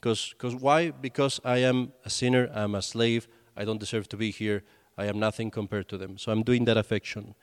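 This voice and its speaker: A man's voice: lowish voice, fairly even intonation, moderate pace, hardly any pauses. A man, a priest, giving a conversational sermon and telling stories with acted quotes. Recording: long hall reverb.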